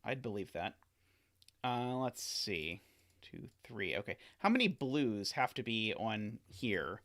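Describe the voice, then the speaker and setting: A man live-streams a sudoku solve, thinking aloud through each step, often catching and retracting his own mistakes, and tossing playful remarks to viewers. His pitch swoops lively up and down, and he takes it slowly, talking to himself as he goes.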